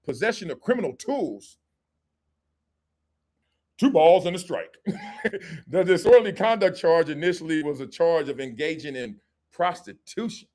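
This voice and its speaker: A middle-aged man hosting a live show, commenting on sports and culture in a joking, animated way and acting out quick skits. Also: fairly high pitch. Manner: animated and joking, slips into quick acted-out skits with different voices. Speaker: host.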